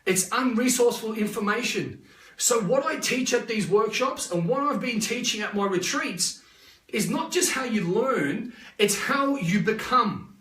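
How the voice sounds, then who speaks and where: An Australian man in a live motivational talk as a life coach, energetic and rambling, repeating himself and checking in with "yeah?". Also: extremely high pitch, measured pace, echoey room, far from the mic. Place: live online session.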